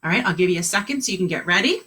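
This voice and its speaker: A woman teaching an online kindergarten class, sounding words out slowly and encouraging the children. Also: fairly low pitch, animated, sharp tone, slightly rough.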